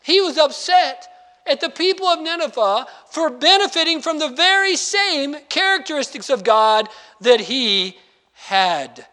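High-voiced bright male preacher in reverb. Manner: animated, acts out quoted lines with sudden pitch jumps; reads scripture slowly and deliberately. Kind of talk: sermon. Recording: long hall reverb.

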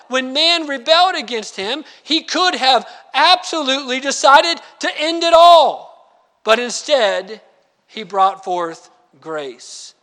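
High-voiced bright male preacher in reverb. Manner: animated, acts out quoted lines with sudden pitch jumps; reads scripture slowly and deliberately. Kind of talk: sermon. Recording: long hall reverb.

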